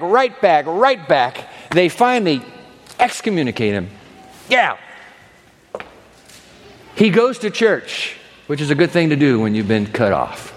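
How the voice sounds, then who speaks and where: A man preaching a sermon to a congregation, telling a story with lively acting and asides. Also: fairly high pitch, long reverb tail. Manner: animated storytelling, acts out characters. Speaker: pastor. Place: large church hall with long reverb.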